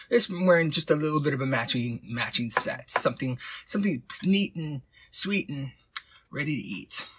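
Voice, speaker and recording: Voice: mid-range voice, bright, forceful tone, slight background noise. A host of a live-streamed advice show, talking in a campy, playful, sassy way and calling viewers honey and babes. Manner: sassy, teasing quips.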